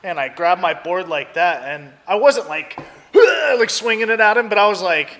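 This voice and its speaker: A young American man telling a story casually as a podcast guest, animated and acting out voices. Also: high-pitched, normal speed, big-room sound. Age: young adult. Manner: animated, acts out voices in his stories.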